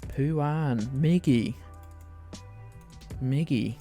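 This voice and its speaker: A man's voice: medium pitch, drawn-out words, dark tone, faint music behind. A man streaming a guessing game, rambling and self-deprecating, with plenty of swearing. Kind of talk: live-stream commentary.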